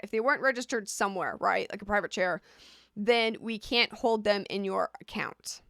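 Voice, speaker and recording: A woman's voice: medium pitch, normal speed, gravelly, a bit bright, no echo, studio quality. A woman vlogging casually, explaining things chattily and often repeating a rhetorical "right?".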